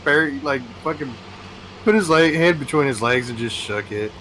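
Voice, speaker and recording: A man chatting with friends on a gaming stream, telling stories excitedly with heavy swearing. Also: medium pitch, moderate pace, slight background noise, low-quality recording. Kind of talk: casual chat.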